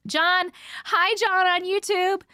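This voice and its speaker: A woman's voice: very high voice, little pitch movement, slow pace, bright, forceful tone, no echo. A woman hosting a casual live-stream chat, talking loosely, swearing and laughing often, her voice a little worn. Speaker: host.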